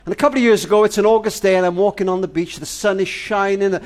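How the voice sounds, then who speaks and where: Tender, earnest older man. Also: sits high. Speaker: family charity speaker. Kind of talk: heartfelt spoken monologue to a granddaughter.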